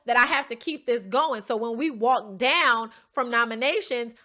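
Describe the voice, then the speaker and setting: A woman's voice: on the high side, moderate pace, bright, forceful tone. A woman giving a casual recap to camera, emphatic and swearing casually, checking in with "okay?" and "right?" as she tells the story. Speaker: reality show contestant recapping an episode.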